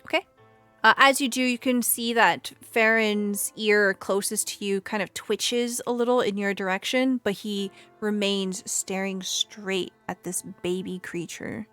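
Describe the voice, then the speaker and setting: A woman's voice: mid-range voice, soft background music. Woman narrating as a tabletop game master. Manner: quick, lively narration with many fillers.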